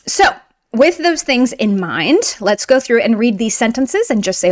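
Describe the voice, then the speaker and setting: A woman's voice: on the high side, big pitch swings. Chatty woman teaching Russian. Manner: chatty, emphatic, reads example sentences slowly. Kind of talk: online language lesson.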